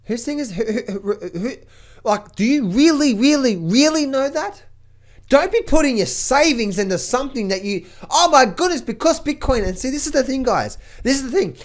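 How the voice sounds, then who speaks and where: A man's voice: extremely high pitch, normal speed. Emphatic trading coach, man, repeating himself. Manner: emphatic, repeats words when excited. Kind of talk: market commentary to camera.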